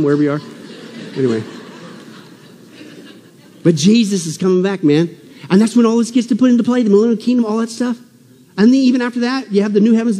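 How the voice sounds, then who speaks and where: A man preaching to a church conference in a very high voice, exuberant and animated, with loud bursts and sudden low asides. The long reverb of the hall trails behind every line. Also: a little hiss or hum. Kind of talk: conference sermon.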